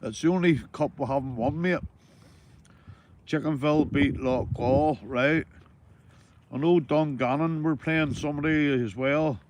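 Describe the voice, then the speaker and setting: With background noise around him, a Northern Irish man talks to his livestream audience while fishing, relaxed and bantering, calling everyone mate and swearing without restraint. His voice sits a little high and his pace is measured.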